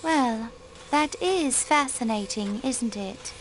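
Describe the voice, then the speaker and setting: A woman's voice: a little high, animated, slow pace, a little hiss or hum. A woman voicing a proud, secretive countess with an American accent in a mystery game. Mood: guarded. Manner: guarded, breaking into anguished grief. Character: secretive grieving noblewoman, high-strung and proud. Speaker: countess under questioning. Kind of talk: video game voice acting.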